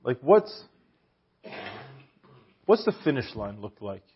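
A man preaching a sermon in a conversational, animated way, sometimes dropping to a hushed softness. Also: mid-range voice, slow pace, slight background noise. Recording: dull, lo-fi church recording.

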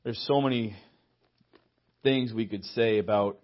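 A young man preaching a sermon, telling stories with lively acted-out dialogue and frequent laughter. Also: on the low side, a little slow, muffled recording. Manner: lively storytelling, acts out dialogue, laughs often. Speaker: pastor. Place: church hall.

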